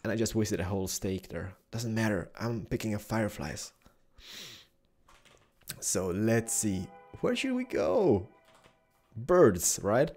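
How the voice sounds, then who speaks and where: A young man giving excitable Let's Play commentary, exclaiming and chatting to the animals he finds. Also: fairly low pitch, slow, long pauses, faint music behind. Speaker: gaming YouTuber.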